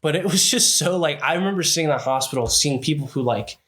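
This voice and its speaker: A man co-hosting a casual podcast, telling a long story in a lively way, acting out the people in it and swearing freely. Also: on the high side, fairly quick. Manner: animated storytelling, acting out what others said, frequent swearing. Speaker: podcast co-host.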